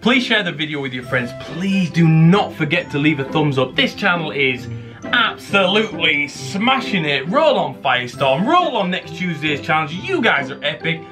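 A man's voice: on the high side, normal speed. A man, commentating live on his own gameplay and cheering when he wins. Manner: excitable, counting aloud, cheering wins. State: out of breath. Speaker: game streamer. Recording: game gunfire and music in background.

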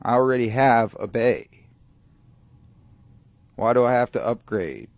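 A man narrating his own gameplay in a loose, rambling way, grumbling about the game and wandering into tangents. His voice sits at an ordinary middle pitch, and he keeps addressing his viewers directly. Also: animated, a little slow, no echo. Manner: digressive, grumbling, talks to viewers. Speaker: gaming video creator.

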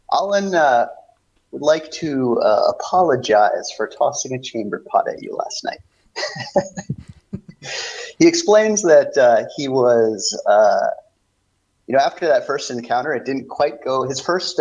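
A man's voice: mid-range voice, a little mellow. A man playing in a tabletop game over voice chat, talking hesitantly with many restarts. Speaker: player. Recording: dull lo-fi online voice chat.

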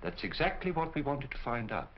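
An actor playing a calm, courteous detective who speaks in a polite, measured way. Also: male voice, mid-range voice, lightly acted. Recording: muffled 1940 film soundtrack with hiss.

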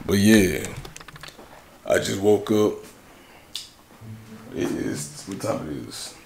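A young man talking to his camera at home, still groggy and husky from just waking up, with a low voice. He rambles in loose slang and keeps correcting himself. A faint hiss runs under the recording. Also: lively intonation, slow pace, a little mellow. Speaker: vlogger. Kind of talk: casual morning routine vlog. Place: home bathroom. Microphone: camera on a tripod.

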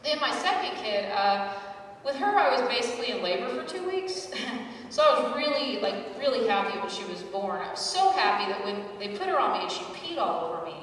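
Woman comic, forties, deadpan self-mockery, loud asides; live stage sound from a distance. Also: fairly high pitch, brisk, a little hiss or hum. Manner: wry, self-deprecating storytelling with loud acted asides. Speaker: stand-up comedian. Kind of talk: stand-up comedy set. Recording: echoey hall, mic heard from afar.

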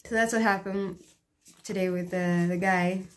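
A woman's voice: mid-range voice, fairly even intonation, moderate pace. A woman chatting casually to camera in her small home, peppering her talk with "you know" and light laughs. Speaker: vlogger. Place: small one-room home.

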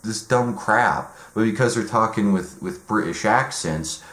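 Man, very low voice, halting deadpan rant with lots of "like" and cursing. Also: echoey room. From United States. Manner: rambling, halting, heavy on fillers and swearing. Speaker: comedic ranter.

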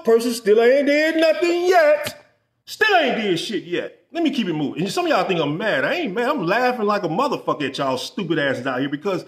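Profane, exasperated business coach ranting to camera; high, animated delivery in a roomy space. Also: male voice, a little fast. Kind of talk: ranting vlog.

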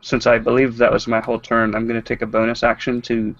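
A man's voice: mid-range voice, monotone, fast, a bit bright, dry recording, lo-fi sound. A man playing in an online tabletop game, talking hesitantly with many fillers. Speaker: player.

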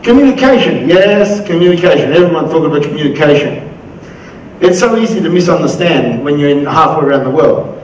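A man's voice: fairly high pitch, brisk, recorded from a distance, slight background noise. Australian man keynoting in echoey hall. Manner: energetic, acts out quoted voices. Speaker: conference keynote speaker. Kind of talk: motivational conference talk. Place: conference hall.

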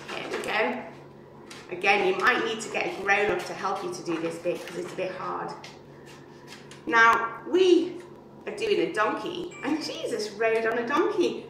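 A woman's voice: medium pitch, sing-song, normal speed, noisy background. A woman showing young children how to make a paper donkey craft, chatty and playful, asking them questions as she works. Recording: very echoey and distant.

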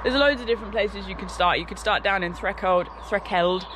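A woman's voice: medium pitch, fast, noisy background. A woman vlogging outdoors on a hill walk, chatty and upbeat but a bit groggy and tired, with lots of fillers. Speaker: hiking vlogger. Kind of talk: casual vlog to camera. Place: outdoors on a mountain roadside and trail. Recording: music playing underneath.

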